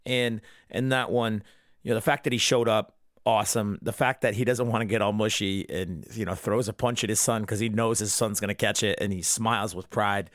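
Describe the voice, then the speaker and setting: A man's voice: fairly low pitch, steady tone, fairly quick, a bit bright, no echo, clean studio sound. A young man hosting a podcast, giving a casual, profanity-laced, enthusiastic fan recap of a cartoon episode. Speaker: podcast host.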